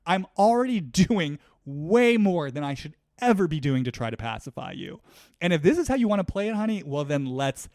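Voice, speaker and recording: A man's voice: a little high, sing-song, normal speed, a little mellow, dry recording, clean studio sound. A man voicing an entitled woman TV personality in sarcastic, exasperated outbursts. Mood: indignant.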